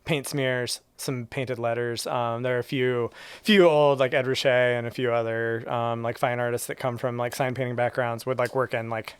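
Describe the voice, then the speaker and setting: A man being interviewed about his sign painting work, talking in a relaxed, rambling way with lots of fillers. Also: medium pitch, moderate pace, smooth, no echo. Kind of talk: casual conversation.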